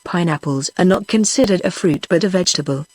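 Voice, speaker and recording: A woman's voice: on the low side, fast, no echo, natural voice. Older man, pompous and official; synthetic woman reader, storybook quest-giver. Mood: briefing. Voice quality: even synthetic voice. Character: pompous old man, Mister Noah, briefing a boy.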